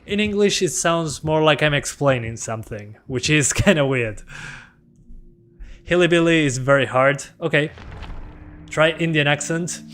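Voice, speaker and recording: A man whose first language is Spanish, streaming a game in English, rambling in a relaxed, self-deprecating way and reading his chat aloud. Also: on the high side, measured pace, long pauses. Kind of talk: casual gameplay chat.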